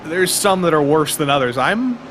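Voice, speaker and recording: A man's voice: fairly high pitch, expressive, moderate pace. Chatty racing co-commentator man. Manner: chatty, playful, tangents. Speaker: race commentator. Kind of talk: sim racing color commentary. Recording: background race car noise.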